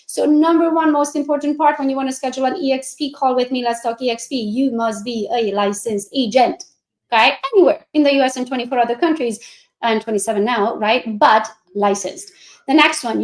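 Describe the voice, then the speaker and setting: A woman coaching real estate agents, who talks fast and a lot and acts out sales calls in a bubbly voice. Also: sits high, roomy sound. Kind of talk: coaching presentation.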